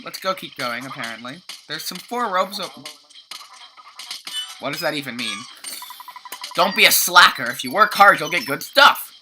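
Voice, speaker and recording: A young woman with an extremely low-pitched voice casually commentates a video game she's playing, game music running under her voice amid a noisy background. Tired and just awake, she's sleepy, chatty and self-mocking, often tripping over her words as a let's-play commentator.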